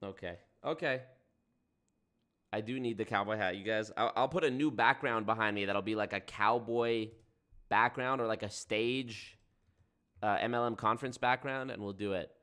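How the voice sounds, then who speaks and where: A man's voice: lowish voice, moderate pace, fairly bright tone. Sarcastic, profane male livestream host. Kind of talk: casual stream commentary.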